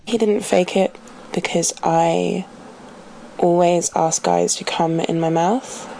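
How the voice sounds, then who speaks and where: A woman caller speaks in a low, smooth, raspy voice with a gravelly edge. Her delivery is slow and deadpan. Faint background noise sits behind her. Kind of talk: recorded phone message.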